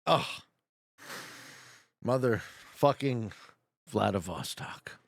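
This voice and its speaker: Young male streamer, jokey running commentary, expressive pitch, close and dry. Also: drawn-out words, gravelly, no room sound. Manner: joking, talks back to his chat. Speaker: streamer playing a geography guessing game. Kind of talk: casual live gameplay commentary.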